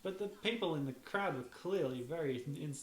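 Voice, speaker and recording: A woman's voice: low-pitched, lively intonation, moderate pace. A woman co-hosting a podcast, making dry, wry remarks in casual watch-along commentary. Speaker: podcast co-host. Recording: echoey room with faint hiss.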